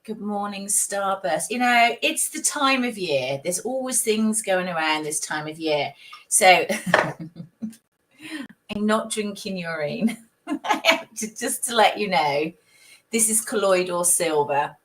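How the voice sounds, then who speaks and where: Croaky chatty woman host. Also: mid-range voice, lively intonation, takes it slowly. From United Kingdom. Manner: chatty, greets viewers by name, laughs often. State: croaky with a cold coming. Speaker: psychic live-stream host. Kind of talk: casual live-stream chat.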